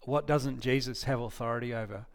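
A man's voice: mid-range voice, steady tone, brisk. Guy preaching a laid-back sermon, middle voice, reads verses, keeps fixing his words and asking the room stuff. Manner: informal, restarts and corrects himself, asks listeners questions. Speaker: pastor. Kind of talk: conversational sermon with scripture reading.

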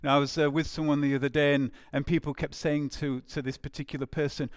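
Man, preacher, sermon, earnest, repeats phrases, higher voice, dry sound. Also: level tone, fast, few pauses, no echo.

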